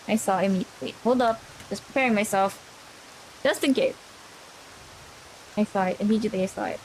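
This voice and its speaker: A woman's voice: medium pitch, steady tone, a little fast, pauses often, slight background noise. A woman streamer reading a visual novel aloud on a livestream, breaking off into nervous, easily spooked chatter with her chat.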